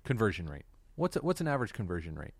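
Quizzing man, low dry voice. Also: huge pitch swings, racing, gravelly, breathy edge, no room sound. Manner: quizzing, laughs often. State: out of breath. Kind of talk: casual chat.

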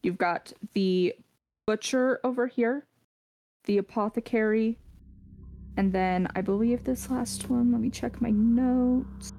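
A woman narrating a tabletop game as game master in a relaxed, hesitant way, with many fillers. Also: on the high side, slow.

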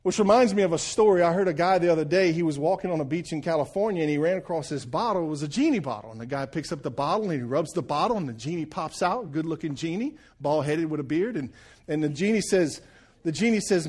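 A man's voice: a little high, expressive, fairly quick, darkish tone, husky. A man in his forties preaching a sermon, folksy and joking, often checking in with the congregation. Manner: folksy storytelling with jokes and audience check-ins. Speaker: pastor.

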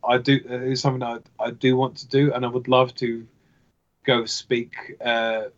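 A man speaks hesitantly as a podcast guest, stopping and restarting often. His voice stays flat and level, and the recording sounds dull and lo-fi. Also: mid-range voice, moderate pace. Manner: hesitant, many fillers and restarts. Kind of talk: casual chat.

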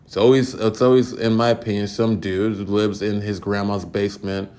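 A man's voice: lowish voice, fairly even intonation, moderate pace, hardly any pauses, darkish tone, slight background noise. A man hosting a podcast, ranting casually in a profane, exasperated, rambling way. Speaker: podcast host. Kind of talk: casual opinion rant.

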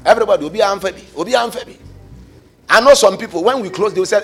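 A pastor preaching a fervent sermon, swinging between loud shouted calls and quiet asides, slipping into sung phrases. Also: male voice, sits high, rapid-fire, creaky, slightly rough, faint music behind.

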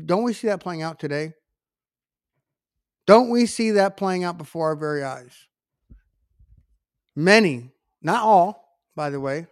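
High-voiced emphatic male preacher. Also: dry recording, clean studio sound. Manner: emphatic, conversational preaching with asides and repetitions. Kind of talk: sermon.

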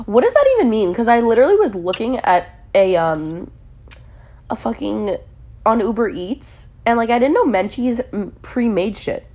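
A woman's voice: fairly high pitch, sing-song, normal speed, mellow. A woman guesting on a podcast, chatting casually, teasing bluntly and swearing freely. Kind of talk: casual chat.

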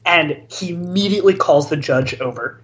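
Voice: mid-range voice, moderate pace, a bit bright. A podcast co-host in casual chat, retelling a card game match in a rambling way, with lots of restarts and stammers. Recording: dull lo-fi audio.

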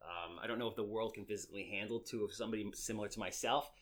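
A man in his thirties with a thick New York accent hosts a casual podcast. He talks quickly in a bright, forward voice. He jokes and curses freely as he goes. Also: on the low side, steady tone. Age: 30s. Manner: brash, joking, swears freely. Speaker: podcast host.

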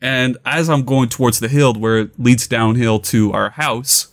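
A young man casually telling a funny personal story, laughing often and acting out his own yelling. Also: medium pitch, fairly even intonation, a little slow.

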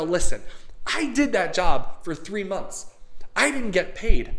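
A man telling a personal career story as an emphatic, animated monologue, acting out the people in it. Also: a little high. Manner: animated, emphatic, quotes others in his story.

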